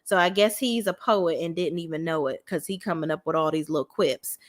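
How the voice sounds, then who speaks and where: A woman's voice: low-pitched, a little fast. A woman recapping a reality show on her vlog, blunt and opinionated, swearing freely and acting out what people said. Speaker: reality TV reviewer.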